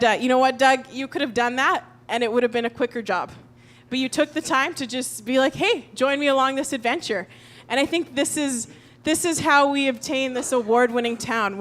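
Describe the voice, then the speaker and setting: A woman speaking in a church service, telling a story with lively, animated delivery. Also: a little high. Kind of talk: sermon storytelling. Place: church auditorium.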